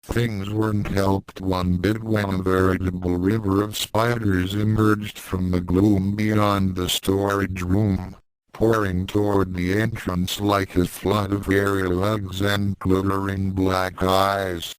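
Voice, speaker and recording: Calm male story narrator, deep smooth voice, dry close recording. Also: takes it slowly, no echo, poor audio. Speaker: fan fiction reader.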